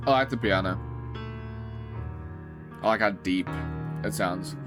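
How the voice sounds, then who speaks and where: Australian man, music reaction host, lowish voice, rambling and casual, lots of fillers, swears, faint music behind. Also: takes it slowly. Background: album music playing faintly.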